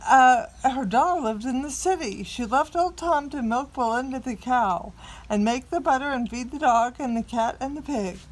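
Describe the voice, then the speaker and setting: A woman reading a picture book aloud to a small child, expressive and coaxing the child to join in. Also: sits high, normal speed.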